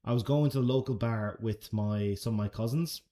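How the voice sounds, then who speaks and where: A man's voice: fairly low pitch, moderate pace, dark tone. An Irish man answering chat questions on a casual live stream, laid-back and chatty, swearing now and then. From Ireland.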